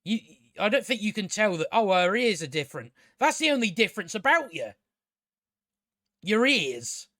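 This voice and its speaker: A man's voice: high voice, big pitch swings, moderate pace, pushed and bright, no echo, clean studio sound. A man giving a rambling, exasperated and profane casual review of a TV show as host of his own channel. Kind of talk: casual spoken review commentary.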